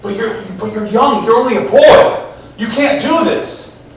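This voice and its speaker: A man's voice: on the high side, animated, fast talker, close to an everyday voice. Brief: a male preacher playing an incredulous king, far off in a reverberant hall. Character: doubting old king, surprised. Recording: echoey church hall, mic far off.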